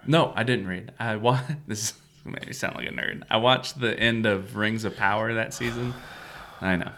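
Chatty man, low-pitched. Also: moderate pace, a bit bright, a little hiss or hum. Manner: chatty, laughs often, trails off and restarts. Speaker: podcast co-host. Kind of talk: casual chat.

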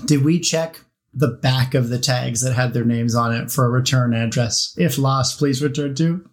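A man playing a tabletop role-playing game, animated, laughing and swearing as he plays his cleric. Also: medium pitch, normal speed. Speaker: player. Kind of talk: casual tabletop role-play.

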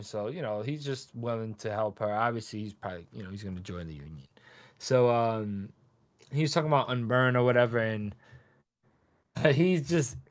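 A man co-hosting a casual podcast, retelling a manga chapter in an animated way, acting out the characters and laughing as he goes. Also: mid-range voice, no echo. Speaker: podcast co-host.

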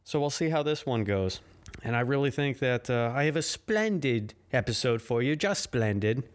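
A man's voice: medium pitch, expressive, moderate pace. A man hosting his own podcast, ranting casually with profanity and self-deprecating asides. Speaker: podcast host. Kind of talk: casual solo podcast rant.

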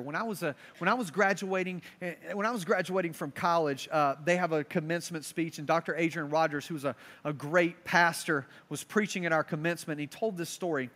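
Young male preacher, high bright voice, animated storytelling sermon. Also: fairly quick, few pauses. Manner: animated storyteller, swings between loud and hushed. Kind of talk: sermon with personal stories.

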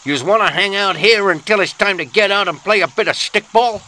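A man's voice: high-pitched, fairly quick, pushed and bright, pitched above the performer's own voice. A man voicing a brash, streetwise New York guy with a New York accent and a slangy, cocky manner.

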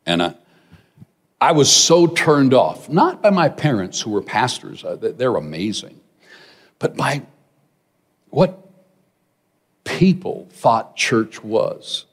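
A middle-aged man preaching a sermon, telling a personal story with animated asides to the congregation. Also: mid-range voice, slow, pauses often, slightly rough. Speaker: pastor. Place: large church hall. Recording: long hall reverb.

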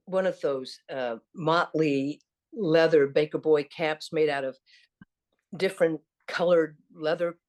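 An older actress from the American South with a faint Southern accent, telling rambling stories with frequent laughter in an interview. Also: female voice, low voice, takes it slowly. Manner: warm, rambling, self-deprecating, laughs often. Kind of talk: casual storytelling interview.

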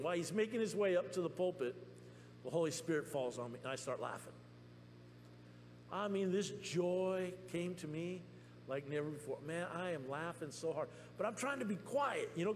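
A man preaching a testimony sermon in a church, telling his story excitedly with many restarts. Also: high voice. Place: church sanctuary. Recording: long reverb in a church with faint hum.

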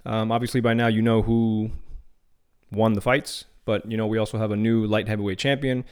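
Alone on his own podcast, a man covers fight news in a relaxed, opinionated style, occasionally restarting his sentences. He speaks fairly quickly in a low, slightly mellow voice with little pitch movement and a clean tone.

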